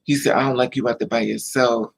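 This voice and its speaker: A man's voice: medium pitch, steady tone, fast talker, creaky, slight background noise, rough recording. A man casually telling a personal story to the camera, repeating himself and quoting the people involved. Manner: repetitive, emotional retelling with quoted dialogue. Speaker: vlogger.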